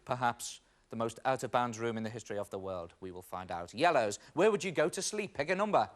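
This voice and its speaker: A man's voice: medium pitch, animated, brisk. A British man hosting a children's game show in a TV studio, jokey and teasing. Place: TV studio set.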